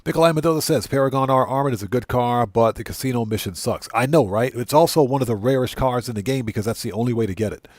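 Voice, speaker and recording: A man's voice: mid-range voice, fast talker, hardly any pauses, no room sound, clean studio sound. Chatty man streaming a game. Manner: relaxed, chatty, greets viewers by name; repeats himself and corrects himself often. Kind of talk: casual livestream chat.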